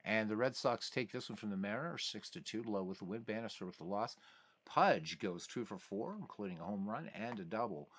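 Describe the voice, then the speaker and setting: A man's voice: on the low side, a little fast, husky. A man hosting a casual live stream of a baseball sim, calling results and chatting with viewers as he reads their messages. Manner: chatty, reads chat messages aloud, excitable asides. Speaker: livestream host playing a baseball sim.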